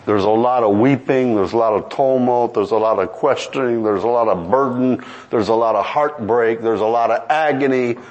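A man's voice: mid-range voice, moderate pace, few pauses, highs cut off. A man preaching a sermon with drama, quoting old scripture and acting out the people in the story. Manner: dramatic, acts out voices, rising to near-shouts; quotes King James scripture.

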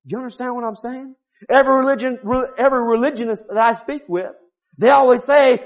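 Middle-aged male revival preacher, high voice, folksy asides, muffled old tape. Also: animated, brisk. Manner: swings between loud shouting and low muttered asides; folksy storytelling with rhetorical questions. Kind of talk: revival sermon. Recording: dull lo-fi recording.

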